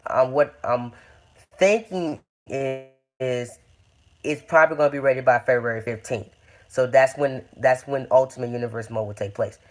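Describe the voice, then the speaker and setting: A young man giving a rambling casual update on his video series, full of fillers and restarts. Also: medium pitch. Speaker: YouTube game-series creator.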